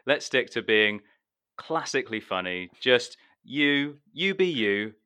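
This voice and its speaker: A man's voice: medium pitch, sing-song, slow, sharp tone, smooth, no room sound. A man co-hosting a comedy podcast, rambling with lots of stammered restarts. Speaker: podcast co-host.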